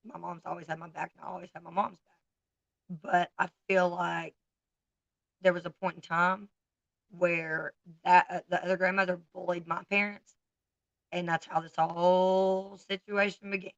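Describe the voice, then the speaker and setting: A woman's voice: lowish voice, little pitch movement, normal speed, vocal fry, a bit bright, no room sound, lo-fi sound. A woman in her forties with a Southern US accent, chatting bluntly and candidly to viewers on a casual livestream. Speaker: livestream host.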